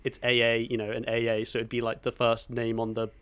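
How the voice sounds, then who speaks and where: A man's voice: mid-range voice, monotone, fast talker, fairly bright tone, clean tone. A man co-hosting a podcast in casual chat, enthusiastic and sweary, acting out film moments with sound effects. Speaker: podcast co-host.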